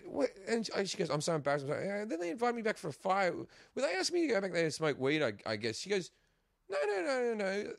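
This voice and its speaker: A middle-aged Australian comedian telling stories in a casual chat, animated and quick to laugh, acting out other people's lines. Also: male voice, sits high, gravelly, no echo, studio quality. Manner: animated, acts out quotes in put-on voices, laughs often. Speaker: guest comedian. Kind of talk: casual storytelling.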